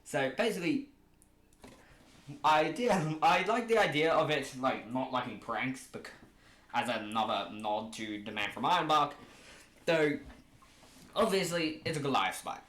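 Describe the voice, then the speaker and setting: A man from Oceania chatting casually to his camera at home, rambling and joking and often correcting himself as he pitches a fan creature idea. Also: measured pace, long pauses, fairly bright tone. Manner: rambling, jokey, self-correcting. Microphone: camera mic. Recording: echoey room with faint hiss.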